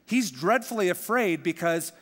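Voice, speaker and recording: A middle-aged male pastor teaching a sermon, telling the story lively and acting out the quoted voices. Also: sits high, moderate pace, long reverb tail. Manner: animated storyteller, acts out quoted dialogue. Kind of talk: expository Bible teaching sermon.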